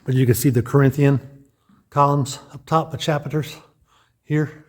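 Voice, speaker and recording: A man's voice: mid-range voice, steady tone, moderate pace. A man casually narrating a walking tour of a lodge room, thinking aloud with frequent restarts and guesses. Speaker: vlogger touring a lodge.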